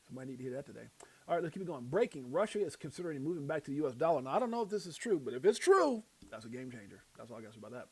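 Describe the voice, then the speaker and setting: A man with a Brooklyn accent hosts a casual livestream in a husky, slightly high voice. His pitch swings widely as he preaches motivational sayings and reads quotes aloud. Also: very fast, dry recording. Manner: animated, bursts into loud shouts and laughs. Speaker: crypto livestream host.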